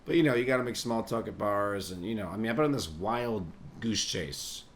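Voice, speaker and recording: A man's voice: fairly low pitch, animated, brisk, slight background noise. A man hosting a podcast, telling a rambling comedic monologue full of swearing and chuckling asides. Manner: profane, meandering, chuckling asides. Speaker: podcast host and musician.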